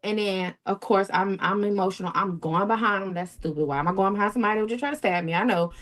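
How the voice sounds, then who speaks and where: A woman's voice: medium pitch, fast talker. A woman telling her own story as an interview guest, often quoting others and swinging her voice up and down. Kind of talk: emotional first-person account.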